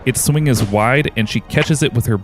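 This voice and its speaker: A man's voice: mid-range voice, normal speed, over music. A man narrating a tabletop game as game master, describing the combat in dramatic detail.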